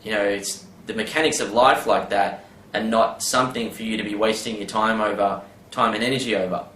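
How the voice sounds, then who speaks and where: A man's voice: lowish voice, fairly even intonation, a little fast, fairly bright tone, slight background noise. A man giving a casual advice monologue, rambling with many fillers and tag questions. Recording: roomy with faint background ambience.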